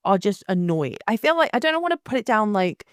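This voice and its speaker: Blunt, animated woman podcaster. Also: mid-range voice, fairly quick, smooth, no room sound, clean studio sound. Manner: blunt, animated, frequent restarts and laughs. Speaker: photographer hosting her own podcast. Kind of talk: casual monologue.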